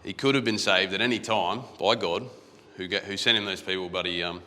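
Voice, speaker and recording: A low-voiced Australian man speaks a little fast, with fairly even intonation and a bright, forceful tone. He's a conference guest speaker giving a casual, anecdotal talk from a stage, conversational and prone to restarting phrases with repeated words. The setting is a large, echoey conference hall.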